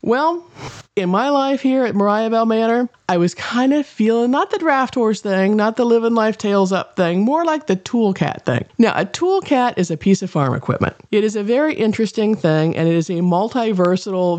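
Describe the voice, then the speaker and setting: A woman's voice: darkish tone, no echo. Folksy rambling woman, dry close sound. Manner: rambling, folksy, drifts in pitch and pace. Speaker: podcast host and kennel owner. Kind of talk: casual monologue.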